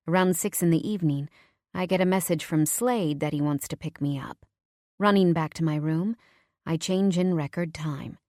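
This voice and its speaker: A woman narrates a first-person romance novel in a somewhat low voice. Her storytelling is warm and steady. The recording is close and dry. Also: no room sound. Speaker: audiobook narrator.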